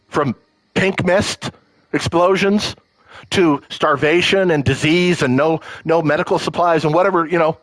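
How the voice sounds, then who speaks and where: A fired-up man rants on a live stream. His voice sits a little high and sounds close and dry, with no room around it. He swears freely and gets emotional, tripping over repeated words as he pushes through. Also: a bit bright, dry recording, poor audio. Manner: heated, profane and emotional, with stammered restarts. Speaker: livestream host. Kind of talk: live political rant.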